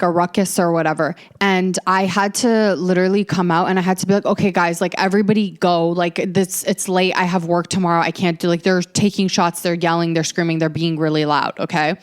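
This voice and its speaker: A woman in her early twenties hosting a podcast, telling stories in a sassy, ranting, profane way. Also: fairly low pitch. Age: early 20s. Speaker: podcast host. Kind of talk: casual storytelling chat.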